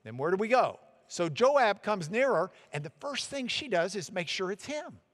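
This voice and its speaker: A man teaching a church Bible class, acting out the quoted lines he reads with animated energy. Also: high voice, moderate pace, in a large hall.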